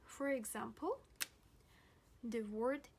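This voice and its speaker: Very slow, high-voiced woman teaching pronunciation. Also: darkish tone, slight background noise. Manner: slow and deliberate, repeating example words several times. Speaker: language teacher. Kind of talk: pronunciation lesson.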